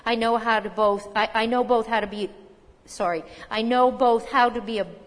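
A woman delivers a sermon in an earnest, emphatic way, turning to the congregation with rhetorical questions. Her voice sits a little high, and a long reverb trails behind it as it rings through a large hall. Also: fairly even intonation, normal speed. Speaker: preacher.

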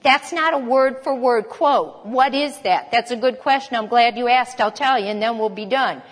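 A woman's voice: on the high side, big-room sound. A woman preaching a sermon, emphatic, asking rhetorical questions and repeating phrases for stress. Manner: emphatic, rhetorical questions, rapid mock chanting.

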